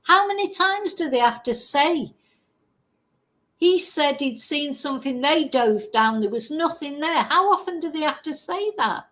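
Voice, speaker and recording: A woman's voice: high-pitched, lively intonation, a little slow, a bit bright. A woman hosting a commentary vlog, scornful and exasperated, reading out a news article and picking it apart with sarcasm. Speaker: commentary channel host.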